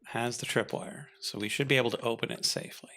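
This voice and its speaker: A man's voice: medium pitch, steady tone, fast talker, vocal fry, sharp tone, slight background noise. A man playing along in a game stream, chatting casually and tossing in tips and jokes. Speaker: co-player. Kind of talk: casual gameplay chat.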